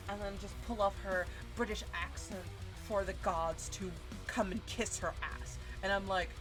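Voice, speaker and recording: A young woman tells a story on her live stream, and her delivery is animated, exasperated and full of swearing. Her pitch sits in a middle range for a woman. Music plays clearly underneath her voice. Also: moderate pace. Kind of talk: casual storytelling rant. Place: home streaming setup. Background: background music.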